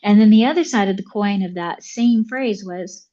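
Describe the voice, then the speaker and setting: A woman's voice: medium pitch, normal speed. Chatty woman telling a personal story, lo-fi. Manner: animated, uses many fillers like "like" and "you know". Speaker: podcast guest.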